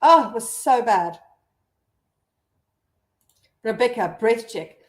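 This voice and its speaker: A woman's voice: fairly high pitch, animated, slow pace, roomy sound. A South African woman hosting a casual live stream, chatting and laughing as she reads out viewer comments.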